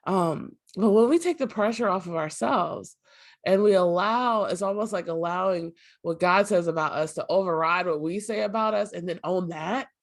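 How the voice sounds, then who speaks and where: Upbeat woman host with a lowish voice. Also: normal speed. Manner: upbeat, encouraging, faith-inspired. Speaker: show host. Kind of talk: motivational talk show chat.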